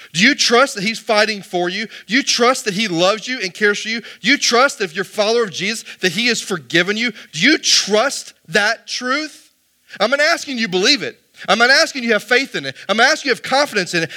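A man's voice: high-pitched, sharp tone. A man preaching a sermon as pastor, reading scripture aloud and firing rhetorical questions at the congregation. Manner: reads scripture aloud between remarks.

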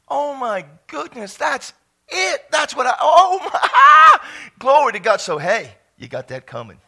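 A pastor preaching a sermon in church, fervent and breaking into excited shouts. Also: male voice, sits high. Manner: fervent, bursts into shouts and exclamations.

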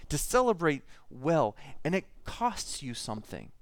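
A man's voice: fairly high pitch, very animated, unhurried, few pauses, no room sound. A male pastor preaching a sermon, reading prayer and scripture aloud in an earnest way, with frequent restarts.

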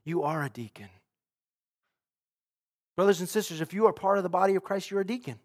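High-voiced preaching man, loud and hushed. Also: a little fast. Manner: earnest preaching, swings from loud emphasis to hushed. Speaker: pastor. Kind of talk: sermon.

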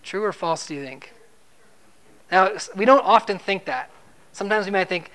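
This preacher has a high-pitched, slightly bright voice with lively intonation and a moderate pace. He delivers an expository sermon conversationally, questioning his audience and repeating words to drive points home.

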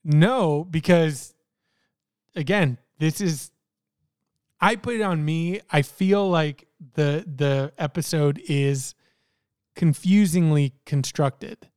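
Slow, clear-voiced man chatting. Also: fairly high pitch, a little mellow, dry recording, studio quality. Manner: hesitant, thinks aloud with many fillers. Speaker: podcast co-host. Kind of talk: casual TV discussion.

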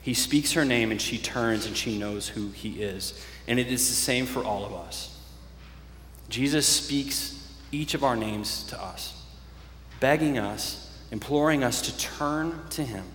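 A man's voice: mid-range voice, fairly bright tone, slight background noise. Earnest male pastor preaching in a hall. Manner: earnest, with slow emphatic phrases. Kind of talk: sermon. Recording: echoey church hall.

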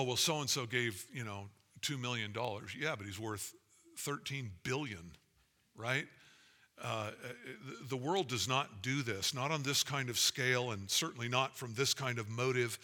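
A man's voice: mid-range voice, unhurried, sharp tone. A man preaching a sermon as pastor, earnest and building to emphatic, rising passages. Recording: long hall reverb.

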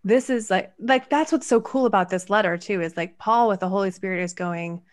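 A woman's voice: medium pitch, a little fast. A woman co-hosting a casual Bible discussion podcast, talking eagerly and running on as she reads passages aloud. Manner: animated, quotes scripture at length, runs on excitedly. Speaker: podcast co-host.

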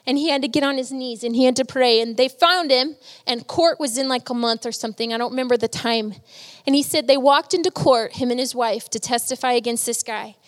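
High-voiced woman preaching in a hall. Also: a little fast. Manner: earnest, emotional storytelling. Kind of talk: sermon.

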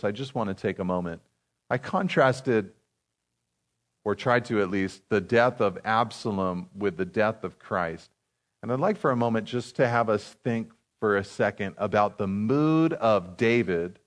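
A man teaching through a Bible passage verse by verse, reading scripture aloud and then explaining it in a relaxed, informal way. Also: lowish voice. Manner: relaxed, informal asides with fillers.

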